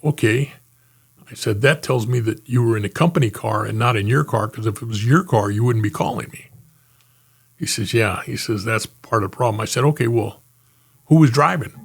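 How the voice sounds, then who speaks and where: An older retired homicide lieutenant telling anecdotes in a casual interview, acting out quotes and laughing often. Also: male voice, fairly low pitch, fairly quick, gravelly, slightly rough.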